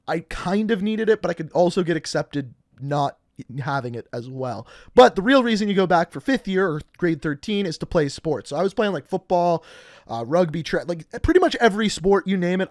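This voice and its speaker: A young man from Canada casually telling funny school stories, animated and acting out the people he quotes. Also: fairly high pitch, no echo, studio quality. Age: young adult. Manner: animated, acts out quotes with laughs. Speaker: storyteller. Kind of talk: casual storytelling.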